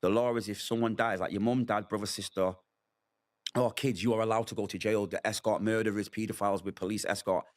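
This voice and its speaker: During a sit-down interview, a middle-aged man recounts his hard experiences in a brisk, low voice with fairly even intonation. His storytelling is heartfelt and honest, punctuated by acted-out quotes.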